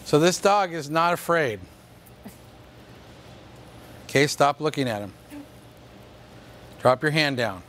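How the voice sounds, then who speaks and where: A man's voice: on the high side, animated, slow pace, pauses often, fairly bright tone, slight background noise. A man instructing dog show handlers at a workshop, giving plain direct commands with playful asides. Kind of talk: hands-on coaching at a workshop.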